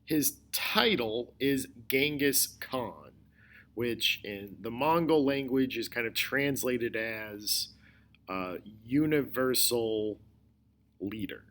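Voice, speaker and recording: A male history teacher giving a recorded lecture, explaining slowly and deliberately, often repeating his key points. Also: medium pitch, fairly bright tone. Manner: slow, deliberate explaining with repetition.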